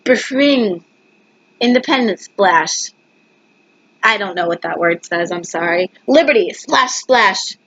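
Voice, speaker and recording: A woman's voice: mid-range voice, lively intonation, slow pace, a bit bright, lo-fi sound. A woman reading a picture book aloud, stumbling over words and correcting herself. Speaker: reader. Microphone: webcam.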